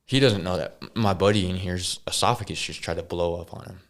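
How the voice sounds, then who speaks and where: A man as a podcast guest, earnestly telling a personal story with halting restarts and sighs. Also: deep voice. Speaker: interview guest.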